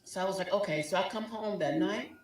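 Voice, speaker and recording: A woman's voice: medium pitch, brisk, heavy reverb, far from the mic, background noise. A woman telling a story dramatically, acting out both sides of a quarrel. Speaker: guest telling her story. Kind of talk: animated storytelling.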